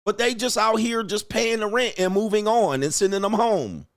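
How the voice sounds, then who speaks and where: A man ranting casually on a livestream, animated and emphatic, laughing and repeating himself for emphasis. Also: high voice, normal speed. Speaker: dating commentary streamer.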